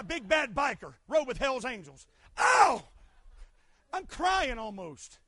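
High-pitched fiery preacher. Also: male voice, no echo. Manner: fervent, swings from shouting to hushed asides. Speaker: pastor. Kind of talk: sermon.

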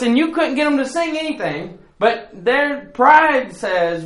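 High-voiced man teaching playfully. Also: moderate pace, few pauses. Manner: animated, playful, breaks into song. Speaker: bus ministry leader teaching a workshop. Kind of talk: training talk with sung examples.

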